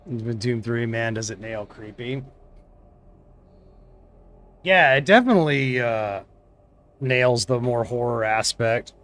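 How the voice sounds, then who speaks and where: A young man streams a shooter game, chatting casually in a medium-pitched, slightly bright voice. He takes it slowly, leaving long pauses, and his gameplay commentary trails off into mumbled asides.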